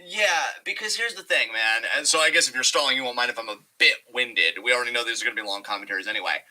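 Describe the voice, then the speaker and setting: A man with a very bright, sharp voice at a middle pitch, co-hosting a podcast. He rambles in a loose, casual way, swearing and making dark, wry jokes. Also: lively intonation, racing, low-quality recording. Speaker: podcast co-host.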